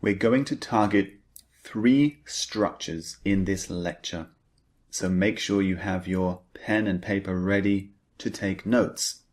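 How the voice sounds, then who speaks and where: Slow, low-voiced male English teacher. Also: darkish tone. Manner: repeats key points, stresses words. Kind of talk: slow, deliberate grammar lecture.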